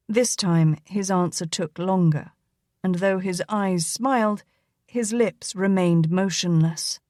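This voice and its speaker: A woman reading a romance novel aloud as an audiobook narrator, in an even, measured way. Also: on the low side, no room sound, studio quality. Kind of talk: scripted narration.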